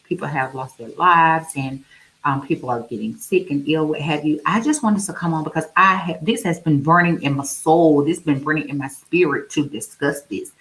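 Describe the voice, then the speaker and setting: Low-voiced woman hosting a live stream. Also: normal speed, a bit bright, poor audio. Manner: testifying, greets viewers by name. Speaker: livestream host. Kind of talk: casual live-stream chat.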